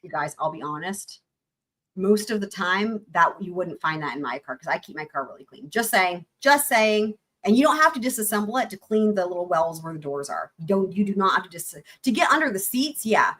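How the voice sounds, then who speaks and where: A woman's voice: fairly low pitch, animated, fairly quick, a bit bright. A woman hosting a livestream, chatting casually and animatedly about legal points and swearing now and then. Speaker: livestream host.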